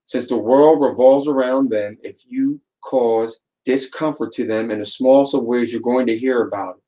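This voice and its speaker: A man's voice: mid-range voice, moderate pace, dark tone, poor audio. Preachy male podcast host. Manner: preachy, repeats words for emphasis, acts out quotes. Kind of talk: casual motivational talk.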